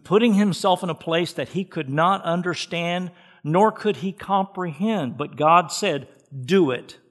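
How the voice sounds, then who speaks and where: Male pastor, emphatic sermon delivery, somewhat high-pitched voice, repeats words for weight. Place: church.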